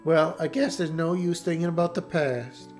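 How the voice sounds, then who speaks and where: A man's voice: a little high, normal speed, a little mellow, faint music behind, close to an everyday voice. A man voicing a young village girl in a game playthrough, reading her dialogue plainly. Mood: wistful.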